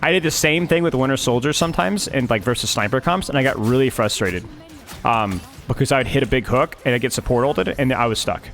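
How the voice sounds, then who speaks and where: A man's voice: medium pitch, animated, fast, fairly bright tone, faint music behind. A man coaching a player through a gameplay replay, emphatic and often repeating his points several times. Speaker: game coach.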